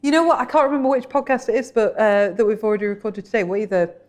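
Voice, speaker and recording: A woman's voice: on the high side, racing, a little mellow, a little hiss or hum. A young British woman co-hosting a podcast, talking in an enthusiastic, chatty way. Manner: chatty and enthusiastic, many restarts. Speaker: podcast co-host. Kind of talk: casual chat.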